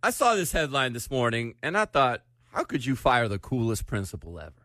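A man's voice: medium pitch, big pitch swings, fairly quick, pushed and bright, no room sound. Chatty male radio host, dry studio sound. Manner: chatty, storytelling news items. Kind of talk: casual morning radio chat.

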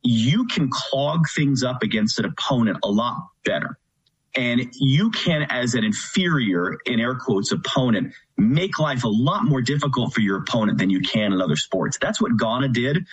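A man, a play-by-play commentator appearing as a guest, breaking down the game in a measured way. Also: medium pitch, expressive, slightly rough, muffled recording. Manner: measured, analytical. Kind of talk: analytical sports talk.

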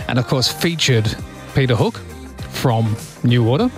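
Aussie guy doing early morning radio, chatty and self-mocking, mid-pitched, faint music under him. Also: lively intonation, a little slow. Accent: Australian. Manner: chatty, self-mocking, reads listener texts aloud. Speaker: radio host. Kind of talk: early-morning radio chat and news rundown.

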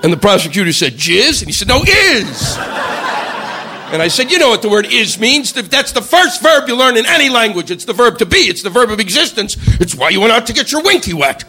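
A man doing stand-up in a high, bright voice that swings wildly up and down. He rants and swears, bursting into shouted mock quotes. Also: very animated, fast talker, few pauses, a little hiss or hum. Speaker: stand-up comedian. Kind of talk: stand-up comedy routine.

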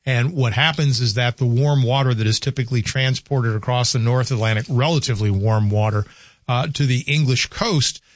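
A man's voice: medium pitch, normal speed. An older man hosting a call-in radio show, talking casually and rambling as he thinks aloud.

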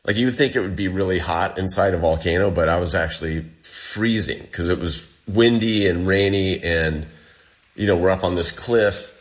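A man's voice: low-pitched, normal speed. A man being interviewed, recounting a survival ordeal in casual storytelling, acting out what people said. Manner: animated, acts out quoted dialogue. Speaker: guest telling a survival story.

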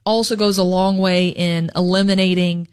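A young woman with a Southern US accent, explaining financial planning in a measured way as a radio co-host. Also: on the low side, little pitch movement, smooth, no echo, clean studio sound. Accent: Southern US (Alabama). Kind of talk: casual radio chat.

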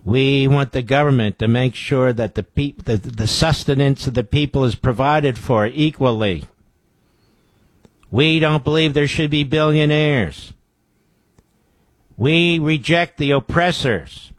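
A man voicing a smug, self-righteous young male leftist activist in a slow, mocking sing-song, with a dry studio sound. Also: medium pitch, no echo, close to an everyday voice.

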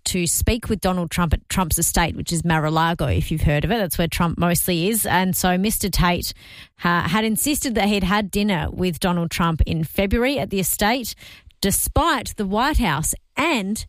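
A woman's voice: on the low side, normal speed, no echo. A woman co-hosting a breakfast radio show, telling news stories and reading out listener votes. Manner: storytelling, reads listener votes and texts. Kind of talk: casual on-air banter. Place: radio studio. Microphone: studio microphone.

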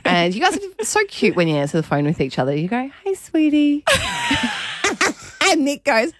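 A woman co-hosting a radio show, chatting casually and retelling stories with animated voices. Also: lowish voice, fast, dry recording. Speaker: radio co-host. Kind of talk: casual breakfast radio banter.

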